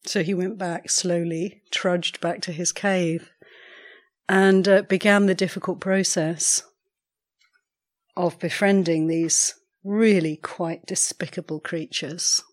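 A woman meditation teacher telling a story during a morning sitting, in a measured, unhurried way, clearing her throat now and then. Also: on the low side, fairly even intonation. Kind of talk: storytelling dharma talk.

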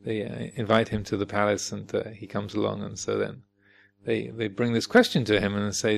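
A man's voice: on the low side, little pitch movement, moderate pace, gravelly. A man giving a storytelling dharma talk in a hesitant way, with many fillers. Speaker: dharma teacher.

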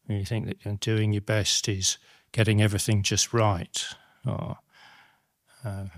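A middle-aged man giving a Dhamma talk as a Buddhist monastic teacher, reflective and halting, with many restarts and tag questions. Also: on the low side, little pitch movement, dry recording, clean studio sound.

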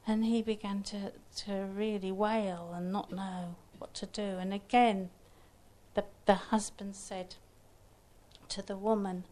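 A woman storyteller telling a folktale aloud in an unhurried, gentle way with small restarts. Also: medium pitch, level tone.

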